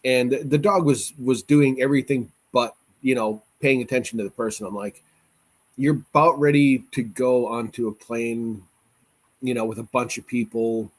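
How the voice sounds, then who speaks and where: A man's voice: medium pitch, fairly even intonation, normal speed. A man hosting a casual podcast chat, opinionated and joking, often restarting his sentences.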